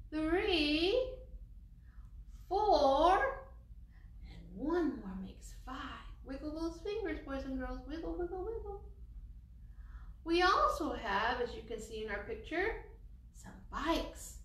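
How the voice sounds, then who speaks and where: A woman children's librarian reads a picture book aloud, encouraging her young listeners and dropping in Spanish words. Her voice sits high and swings widely, and she takes her time. She sounds set back from the mic in a roomy, echoing space. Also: fairly bright tone, recorded from a distance. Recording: echoey room, voice from off-mic.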